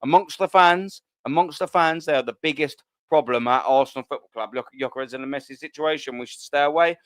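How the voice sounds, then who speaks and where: A man's voice: on the high side, a little fast, fairly bright tone, smooth, no echo. A man, hosting a live stream, reading viewer comments and bantering bluntly with plenty of swearing. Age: 30s. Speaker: host.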